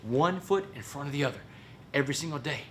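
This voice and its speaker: Fast-talking Texan man telling a story. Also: on the high side, a little hiss or hum. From Port Arthur, Texas. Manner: animated, folksy, keeps addressing the crowd as "y'all". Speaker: motivational speaker. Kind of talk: motivational storytelling speech.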